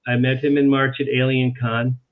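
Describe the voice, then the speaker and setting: An animated man, a guest on a talk show, spins anecdotes and repeats his phrases for emphasis. His mid-pitched voice comes through a narrow, tinny phone-like line. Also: moderate pace. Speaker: author guest. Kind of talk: storytelling in a talk-show interview.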